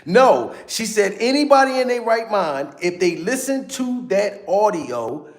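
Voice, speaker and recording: Male commentary host, high voice, echoey room, keeps rallying the audience. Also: very animated, a little slow. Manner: repetitive, hyped, addressing viewers. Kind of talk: reaction commentary.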